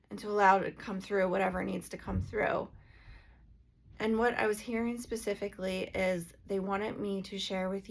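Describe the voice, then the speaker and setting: A woman's voice: medium pitch, vocal fry. A woman and energy healer talking earnestly in a casual, heartfelt vlog, with plenty of filler "like"s.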